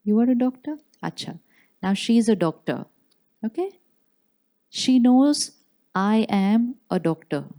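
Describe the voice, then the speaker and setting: Calm, mellow woman teaching. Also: on the high side. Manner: slow, calm affirmations with deliberate pauses. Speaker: spiritual teacher. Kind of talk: spiritual talk to a live audience. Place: large hall.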